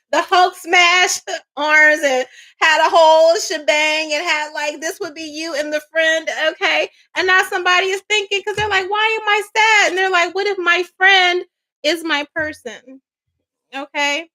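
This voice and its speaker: A woman's voice: high voice, pushed and bright, rough recording. A woman doing a casual psychic tarot reading. She rambles in slang, swears now and then, laughs often, and keeps asking "okay?". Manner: chatty, rambling, slangy, frequent "okay?" check-ins. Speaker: psychic reader.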